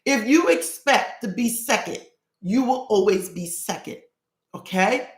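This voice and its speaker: A woman coaching her live stream viewers through a spiritual ritual, earnest and quick, repeating phrases as she goes. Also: on the high side, lively intonation. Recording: roomy echo.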